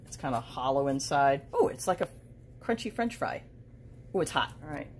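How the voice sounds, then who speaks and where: Brief: low-pitched woman vlogger, chatty and exclamatory, faint noise in the background. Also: moderate pace, rough recording. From United States. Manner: chatty, excitable, lots of exclamations. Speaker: home and garden vlog host. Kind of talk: casual vlog chat while cooking. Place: home kitchen.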